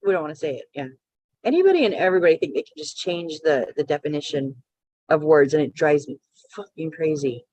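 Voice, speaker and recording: A woman's voice: low voice, lively intonation, brisk, a little mellow, no echo, lo-fi sound. Middle-aged woman co-host, salty, ranting, dry close sound. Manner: ranting, profane, laughing. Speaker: podcast co-host. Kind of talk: casual chat.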